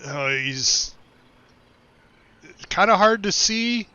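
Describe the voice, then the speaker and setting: A middle-aged American man chats casually while streaming a game, easygoing, laughing often and rambling with restarts. His voice is high-pitched, bright, forceful and smooth with lively intonation, yet extremely slow, and the recording sounds dull and dry.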